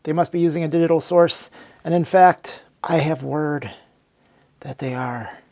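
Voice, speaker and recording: A blunt, suspicious record reviewer, as a man acts him out. He speaks loudly and matter-of-factly, high-pitched with a gravelly edge. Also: measured pace. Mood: accusing.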